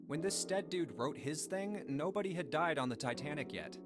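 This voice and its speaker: A man's voice: fairly high pitch, animated, moderate pace, close to an everyday voice. An actor voicing a skeptical, sarcastic young man in a video game, blunt and incredulous.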